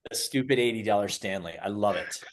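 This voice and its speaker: A man's voice: on the low side, fairly quick. A man co-hosting a casual podcast, talking bluntly and firmly about coaching. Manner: blunt, firm coaching talk. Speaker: podcast co-host. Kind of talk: casual chat.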